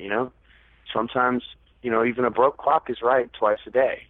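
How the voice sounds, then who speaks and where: A man's voice: mid-range voice, steady tone, normal speed, no room sound. A man telling a long story as a podcast guest, rambling and mocking himself. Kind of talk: casual storytelling. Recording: tinny, dry phone-like line.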